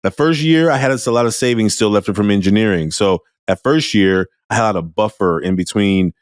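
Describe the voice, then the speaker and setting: A man's voice: lowish voice, normal speed, no room sound. A man talks casually as a podcast host and teacher. He acts out his own remarks to students, and the sound is close and dry with no room around it. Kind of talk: casual conversational reflection.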